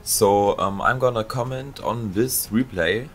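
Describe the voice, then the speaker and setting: A man's voice: fairly low pitch, unhurried, fairly bright tone, soft background music. A man with a German accent commentating on a game replay, hesitant and searching for English words. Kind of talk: gameplay commentary.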